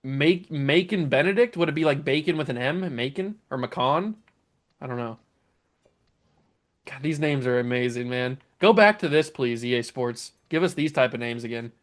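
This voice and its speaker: Reading out strange player names, a young man hosting a gaming channel chats and laughs in casual game commentary. His voice is mid-range and his pace moderate.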